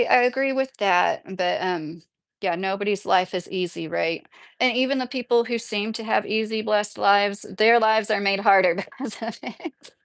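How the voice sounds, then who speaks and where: A woman's voice: medium pitch, no room sound. A woman hosting a livestream, chatting casually with her viewers, rambling and full of "like.". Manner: rambling, filler-heavy with frequent "like". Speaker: livestream host reading chat. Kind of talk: casual live chat.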